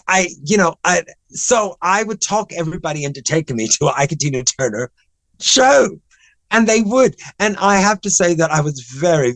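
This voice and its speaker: A man's voice: a little high, fairly bright tone, no room sound, rough recording. Chatty older man telling stories. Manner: chatty, rambling, with many restarts and ums. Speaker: interview guest. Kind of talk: animated anecdotal storytelling.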